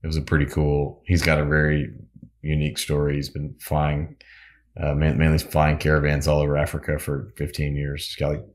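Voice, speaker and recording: Very deep-voiced man telling stories. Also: completely flat delivery, a little fast. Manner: rambling, restarts, laughs often. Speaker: musician and pilot guest. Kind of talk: casual storytelling interview.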